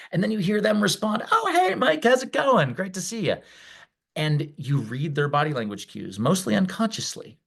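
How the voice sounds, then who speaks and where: A middle-aged man, a wellness coach, giving a conversational live-streamed teaching talk and explaining ideas in a relaxed way. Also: lowish voice, gravelly. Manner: conversational and explanatory, acts out quoted voices.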